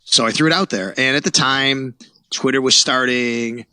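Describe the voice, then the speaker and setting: A man's voice: medium pitch, normal speed, sharp tone, dry recording. A man from Buffalo, New York, a sports reporter who is a podcast guest, telling his story animatedly and acting out quoted dialogue. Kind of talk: casual storytelling interview.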